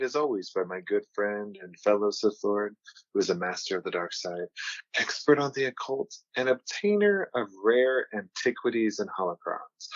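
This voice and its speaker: A man's voice: on the low side, no room sound, muffled recording. A man hosting a podcast in casual chat, rambling with lots of "like" and "uh". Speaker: podcast host.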